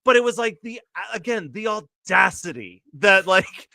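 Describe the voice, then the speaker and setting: A man's voice: high-pitched, animated, moderate pace, vocal fry, sharp tone, dry recording, studio quality. A man in his late thirties, co-hosting a casual chat and telling a long story full of fillers and laughs. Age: late 30s. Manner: rambling storyteller, many fillers, laughs often. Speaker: co-host.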